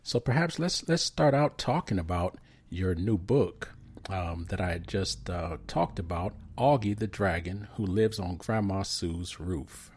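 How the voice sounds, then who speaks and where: A man hosting a podcast and interviewing a guest in a friendly, halting way with some restarts. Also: sits low, animated, darkish tone, husky. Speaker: podcast host.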